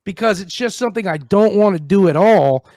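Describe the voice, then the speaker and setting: Male radio host, quick and high-pitched, chatty comic storyteller. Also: no room sound, studio quality. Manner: animated storyteller, acts out quotes. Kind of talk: casual comedic radio chat. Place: radio studio.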